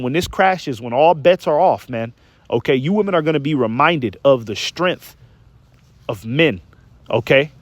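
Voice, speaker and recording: A man's voice: on the high side, dry recording. A man preaching a heated rant, reading scripture aloud, stumbling on words and tagging his points with "okay?" and "man". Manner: emphatic, keeps asking "okay?" and "man". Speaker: online preacher.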